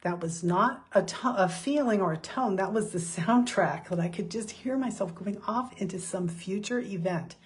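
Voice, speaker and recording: Husky middle-aged woman giving a talk. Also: medium pitch, moderate pace, hardly any pauses. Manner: chatty, self-deprecating, laughs often. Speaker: speaker. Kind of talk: motivational talk.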